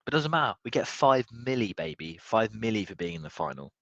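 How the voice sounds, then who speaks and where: A young man watching a football match live, tipsy, swearing and swinging from low muttering to excited yelling. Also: fast, gravelly, dry recording, muffled recording. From United Kingdom. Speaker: football fan streamer.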